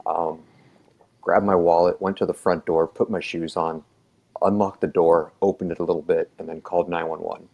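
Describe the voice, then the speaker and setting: A man's voice: sits low, flat delivery, normal speed, creaky, a little mellow. A man casually telling a long personal story on a podcast, full of "um"s and restarts, acting out what people said. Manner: rambling, filler-heavy, acts out quoted dialogue. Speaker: EMT telling his story.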